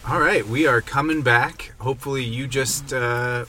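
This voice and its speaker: A man's voice: mid-range voice, normal speed, a little hiss or hum. A man hosting a podcast, chatting casually and summing up a movie plot from his notes. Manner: relaxed, summarizing a plot from notes. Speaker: podcast host.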